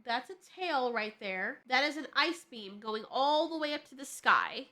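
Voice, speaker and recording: A woman casually analyzing a movie trailer, excitable and jokey with a bit of swearing, her nose stuffy. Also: high-pitched, a little slow. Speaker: trailer reviewer.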